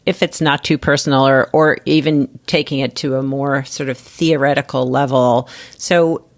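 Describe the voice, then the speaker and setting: Deep-voiced woman podcast host. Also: steady tone, normal speed, no echo. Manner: attentive, gives frequent short affirmations. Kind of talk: interview questions.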